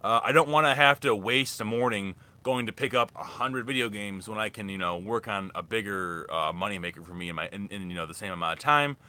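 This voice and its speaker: A man's voice: fairly low pitch, brisk, few pauses, sharp tone. A young man rambling casually through a live thrift haul as a reselling vlogger. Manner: rambling, chatty, restarts often.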